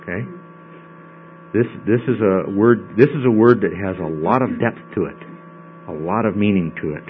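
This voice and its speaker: In a dull lo-fi recording with mains hum, a man with a lowish voice leads a Bible study at a normal speed. He keeps it conversational, checking in with the class by frequently asking "okay?"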